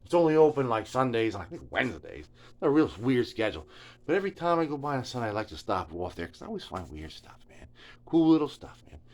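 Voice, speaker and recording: A man's voice: medium pitch, very animated, fast talker, a little mellow. A middle-aged man telling a rambling, casual story in his home workshop. He stammers and mutters, often trailing off into near whispers. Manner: stammering, mumbling, drops to near whispers, lots of filler. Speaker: guitar repair vlogger. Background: furnace.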